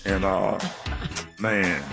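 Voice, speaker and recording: A man's voice: deep voice, fairly even intonation, drawn-out words, over music. A man hosting a radio morning show who teases his co-host and jokes in a casual, playful way. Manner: playful teasing, joking.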